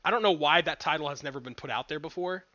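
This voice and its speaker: A man's voice: fairly high pitch, fast, bright, forceful tone, no echo, dull audio. A young man co-hosting a podcast, chatting casually, laughing often and reading out viewer comments. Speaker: podcast co-host. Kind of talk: casual chat.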